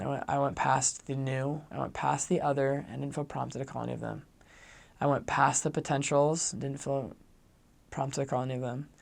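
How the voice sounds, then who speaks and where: Chatting through a personal story with plenty of fillers, a young former missionary speaks in a mid-range voice with vocal fry. When he quotes his own kind words, his voice goes up.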